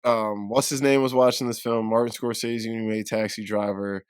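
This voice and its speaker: Excitable, swearing male podcast co-host. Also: on the low side, moderate pace, smooth, no room sound, studio quality. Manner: animated, swears a lot, gets loud and excited. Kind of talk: casual film chat.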